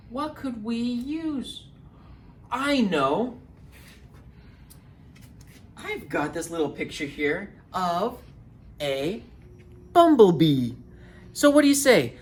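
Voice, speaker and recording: A man leading a children's storytime lesson as a librarian, encouraging and animated, talking slowly and clearly for little ones. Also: high-pitched. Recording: roomy, distant mic, faint hum.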